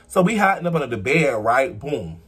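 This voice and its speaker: A young man chatting casually on his vlog, answering viewer questions and telling stories with sudden high squeals and low murmurs. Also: big pitch swings, a little fast, fairly bright tone, husky.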